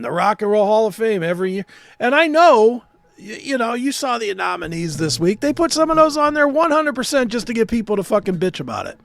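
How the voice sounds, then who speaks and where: A man in his fifties with a strikingly high, gravelly voice rants sarcastically through a casual podcast chat and swears freely. The sound is dry and close. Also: no room sound. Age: 50s. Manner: sarcastic, ranting, swears often. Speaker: podcast co-host. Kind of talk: casual profane podcast banter.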